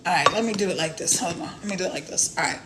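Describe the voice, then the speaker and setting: A woman chatting casually on a livestream into a phone, animated and laughing often as she talks. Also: on the low side, very fast, heavy background noise. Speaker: online business promoter. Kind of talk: casual live-stream chat.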